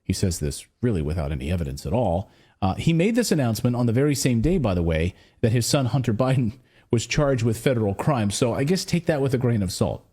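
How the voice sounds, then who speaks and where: An American man hosts a political commentary show with a warm, mellow voice. His pitch swings widely as he mocks and jabs with sarcasm. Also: fast talker, breathy edge. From United States. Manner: sarcastic, animated, mocking. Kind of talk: opinion commentary.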